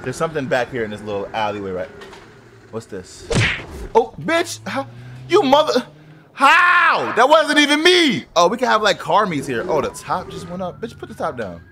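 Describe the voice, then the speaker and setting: A man giving casual, profane gameplay commentary as a gaming video host, reacting loudly to what happens in the game. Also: high voice, normal speed. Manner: excitable, profane outbursts at the game. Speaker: gaming YouTuber. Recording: noisy game audio under voice. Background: driving game engine and traffic sounds.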